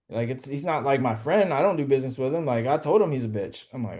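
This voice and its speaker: A man's voice: mid-range voice, animated, fast, hardly any pauses, a little mellow. A man casually telling a story to a group on a call, slangy and profane, full of "bro" and "like". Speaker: real estate wholesaler coaching a group.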